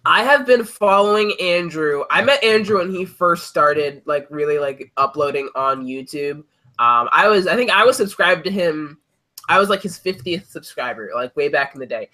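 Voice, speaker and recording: A man's voice: fairly high pitch, lively intonation, moderate pace, pushed and bright. A man hosting a casual podcast chat, rambling with many fillers and hesitations. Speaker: podcast host.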